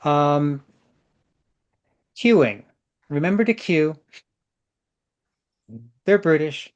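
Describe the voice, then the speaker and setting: A man's voice: on the high side, very slow, dull audio. Chatty man giving tour advice on a call. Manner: chatty, jokey, repeats words for emphasis. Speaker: tour organizer. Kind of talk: casual advice on a video call. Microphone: video call.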